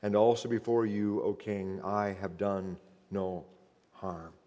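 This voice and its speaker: A male preacher voicing a calm, faithful prophet who answers a king in a low, quiet, solemn way. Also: slow, in a large hall, dull audio.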